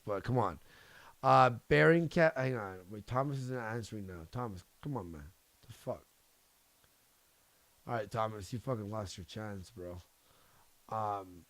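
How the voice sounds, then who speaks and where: A man's voice: mid-range voice, creaky, dry recording. A man hosting a casual livestream, rambling and swearing a lot. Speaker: livestream host.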